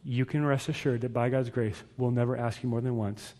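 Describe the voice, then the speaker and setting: A steady, firm mother speaking low and softly, each word measured as she instructs her son, as a man recalls her. The voice drops well below the speaker's own and stays quiet and patient. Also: big-room sound, lightly acted. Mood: calm, firm.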